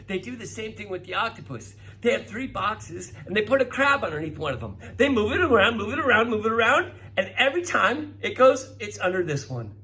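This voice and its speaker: A middle-aged man telling children a science story, calling each child by name and getting excited as he goes. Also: high voice, low-quality recording. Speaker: presenter talking to children. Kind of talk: storytelling science talk for kids.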